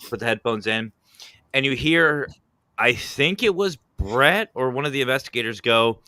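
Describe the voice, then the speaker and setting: A man chats and tells a ghost-hunting story with a bright, forceful tone. He laughs easily and acts out the lines of others, recorded close and dry. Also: mid-range voice, lively intonation, normal speed, no room sound. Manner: laughs often, acts out quotes. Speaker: paranormal podcast host. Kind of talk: casual banter, storytelling.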